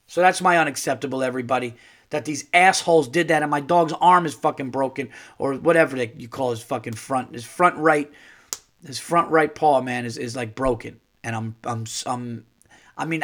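A man's voice: on the high side, a bit bright. Angry ranting man podcast host. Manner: angry ranting, swearing, acts out dialogue. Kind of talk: solo podcast rant.

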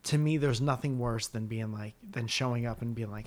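A man with a mid-range voice co-hosts a relaxed podcast conversation. He rambles through joking, self-deprecating stories in the loose way of a stand-up comedian. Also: mid-range voice, moderate pace. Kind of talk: casual chat.

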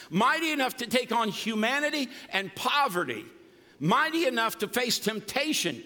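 A man's voice: extremely high pitch, bright, forceful tone. An older man preaching a sermon as pastor, emphatic and folksy with humor. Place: church sanctuary. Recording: long reverb of a large hall.

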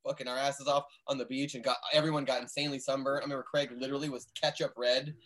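Fast-talking man telling road stories. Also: mid-range voice. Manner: animated storytelling, swearing. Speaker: band member. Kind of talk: casual chat.

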